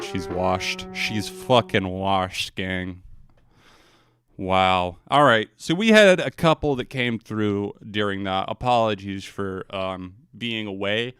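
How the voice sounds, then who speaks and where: A man's voice: low-pitched, unhurried, a bit bright. A man streaming live music reactions, tipsy from drinking, sarcastic and profane with theatrical outrage.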